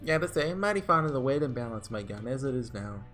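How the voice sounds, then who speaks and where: A man's voice: medium pitch, big pitch swings, quick pace, fairly bright tone, soft background music. A man playing a smug genius weaponsmith. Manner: theatrical, self-satisfied salesman patter. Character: self-proclaimed genius weaponsmith, smug and showy.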